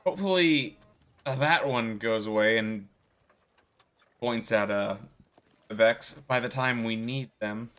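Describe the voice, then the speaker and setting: A man's voice: mid-range voice, slow, long pauses, a bit bright. A man running a tabletop role-playing game as game master, narrating and voicing the characters casually.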